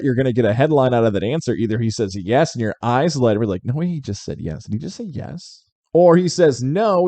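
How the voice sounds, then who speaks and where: A man with a mellow, warm voice delivers opinionated sports talk as the host of a local show. He talks in an animated way and piles up rhetorical questions. The sound is dry and close. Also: medium pitch, no echo. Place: local show in upstate New York.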